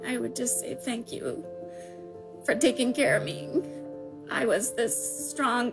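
A woman in her fifties telling a personal story in a quiet, emotional, reflective way. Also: a little high, low-quality recording. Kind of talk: personal recollection.

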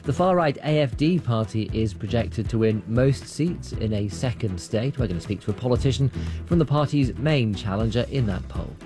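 A man co-hosting a news program, reading headlines in a steady, authoritative way. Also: medium pitch, moderate pace, music in the background. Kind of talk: scripted news presenting.

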